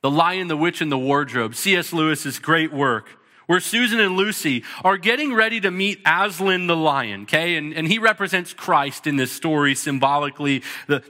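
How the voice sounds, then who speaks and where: A man's voice: fairly high pitch, sharp tone. A man in his thirties preaching a sermon as pastor, earnest and emphatic, with short punchy repeated lines. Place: church sanctuary. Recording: long reverb of a large hall.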